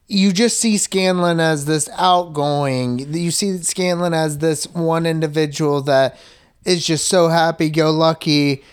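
A man co-hosting a casual podcast, answering in a thoughtful, measured way. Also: a little high, clean tone. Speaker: podcast co-host. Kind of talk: casual chat.

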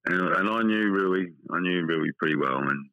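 A man's voice: sits low, moderate pace, sharp tone, no room sound, dull audio. A middle-aged Australian man, a football journalist, talking candidly in a casual podcast interview, often repeating himself and restarting.

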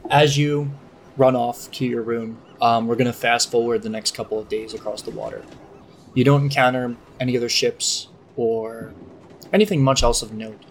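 A young man as game master, narrating a tabletop game in a relaxed way with frequent fillers. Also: medium pitch, normal speed, a little hiss or hum.

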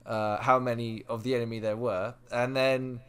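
This is a man co-hosting a podcast in a relaxed chat. His pitch sits in an ordinary middle range, and he tells stories with lively energy, often stumbling over and repeating words as he goes. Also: normal speed, clean tone. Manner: animated storytelling, repeats words. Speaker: podcast co-host. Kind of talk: casual chat.

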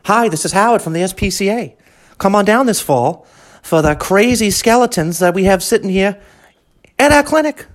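A man's voice: lively intonation, moderate pace. A man voicing a flustered animal-shelter ad announcer who keeps redoing his takes. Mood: cheery pitch. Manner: cheery ad pitch breaking into irritated rants.

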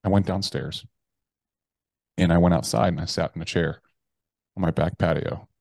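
A man, a podcast guest, telling a personal story bluntly and profanely, with halting restarts. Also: sits low, fairly even intonation, gravelly, a little mellow, dry recording. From United States. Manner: blunt and profane, with slangy address.

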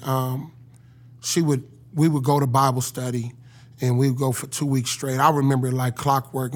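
A man telling his life story in an earnest, emotional, casual way, as a former football player. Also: medium pitch. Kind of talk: personal storytelling.

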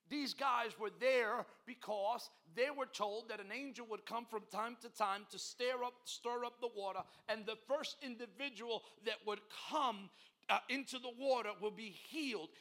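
A middle-aged man preaches a sermon in a church, with a very high voice and a bright, forceful edge. He works the congregation with call-and-response and moves between hushed asides and loud, shouted passages. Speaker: pastor.

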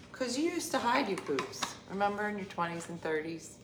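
Joking and laughing often, this fifty-something vlogger has a relaxed morning chat with her viewers at home. She speaks fairly quickly in a mid-range voice with lively intonation. Her recording carries an echoey room and clear background noise.

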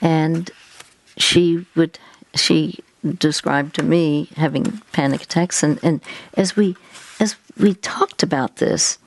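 A woman's voice: low voice, fairly even intonation, slow. A woman hosting an advice talk, patiently guiding a caller step by step. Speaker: host giving faith-based advice.

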